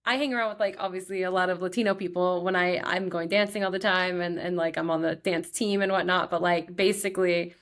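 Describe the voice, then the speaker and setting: Chatty excitable young woman host. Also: on the low side, brisk, few pauses. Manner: chatty and excitable, many fillers like "like". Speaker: podcast host. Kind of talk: casual solo chat.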